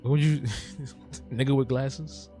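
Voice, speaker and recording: A man's voice: medium pitch, steady tone, slow pace, dark tone, soft background music. A man streaming live while he draws cartoons, joking and reacting to his chat as he thinks aloud.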